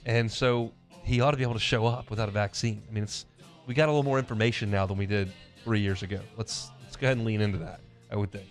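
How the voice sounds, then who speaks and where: A man's voice: fairly low pitch, soft background music. Opinionated man hosting sports radio. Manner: opinionated, conversational, quick back-and-forth. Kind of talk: casual sports talk radio.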